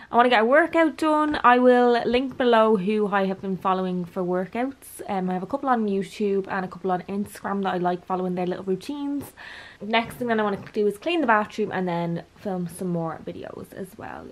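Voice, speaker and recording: A young woman, chatting casually to camera in a home vlog, rambling a little as she goes. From Ireland. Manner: chatty, rambling, talks to her dog in a high cooing voice. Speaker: vlogger. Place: at home indoors.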